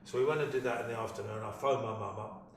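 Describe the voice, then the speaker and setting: An older man, an actor telling a lively anecdote about a film shoot and acting out the people he quotes. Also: medium pitch, fast, slight background noise. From London, England. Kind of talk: anecdotal storytelling. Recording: echoey room, distant mic, faint ambience.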